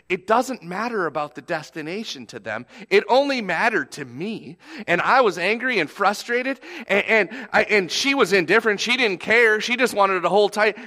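A male pastor with a bright, forceful voice tells a personal story from the pulpit. He sits a little high in pitch and talks in a loose, animated way, often restarting his sentences. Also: normal speed, few pauses. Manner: animated, conversational, repeats starts. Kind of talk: storytelling sermon.

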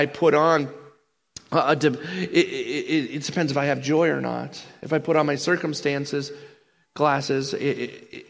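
Gravelly pastor preaching in a hall. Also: male voice, mid-range voice. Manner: earnest, with frequent stumbling restarts. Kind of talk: sermon. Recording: long hall reverb.

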